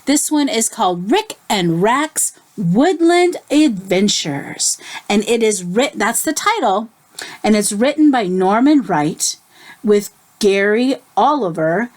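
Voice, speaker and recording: A young woman teaching a kindergarten circle time lesson in a gentle, encouraging, sing-song manner, then reading a story aloud. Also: medium pitch.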